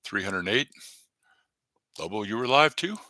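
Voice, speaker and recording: A man's voice: on the low side, very animated, a little slow, sharp tone, no echo. A man hosting a live stream, rambling and joking casually as he talks to viewers in the chat by name. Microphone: desk webcam setup.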